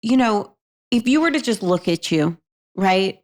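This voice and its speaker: A woman's voice: mid-range voice, lively intonation, a little slow, a little mellow. A woman co-hosting a podcast, talking in an earnest, emphatic way and swearing casually. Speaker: podcast co-host. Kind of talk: casual chat.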